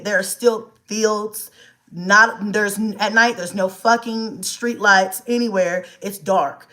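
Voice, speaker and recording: A woman, casually telling a storytime vlog about her child. She talks in an animated, exasperated way, swears freely and acts out the dialogue. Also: a little high. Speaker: vlogger, mother.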